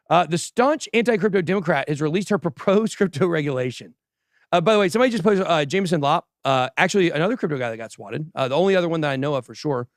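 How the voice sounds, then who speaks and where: A man's voice: on the high side, no echo, clean studio sound. A man hosting a crypto livestream, chatting casually and bantering boastfully with his crew and the chat. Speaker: host of a crypto news livestream.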